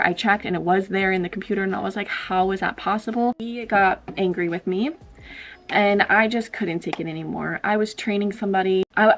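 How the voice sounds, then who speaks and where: A young woman vlogger chatting casually through a story while getting ready, full of "like" and acted-out dialogue. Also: medium pitch. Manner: chatty, lots of "like", acts out quoted dialogue.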